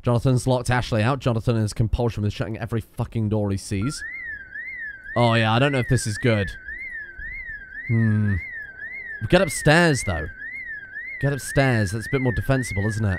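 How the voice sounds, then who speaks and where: A young man giving casual let's-play commentary, excitable, swearing and shouting at his teammates. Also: medium pitch, normal speed, pauses often, slight background noise. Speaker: gaming video host.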